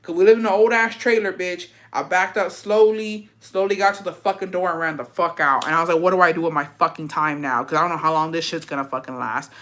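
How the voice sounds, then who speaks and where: A woman's voice: fairly low pitch, fairly even intonation, fast, few pauses, a bit bright. Blunt, foul-mouthed woman storyteller. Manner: profane, blunt, frequent "bitch" tags. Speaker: livestream host reading chat. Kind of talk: casual storytelling chat.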